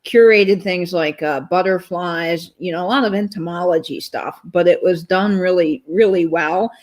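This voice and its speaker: A woman guest on a live stream, chatting casually and telling lively stories. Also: lowish voice, moderate pace. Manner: animated storyteller, laughs into her stories.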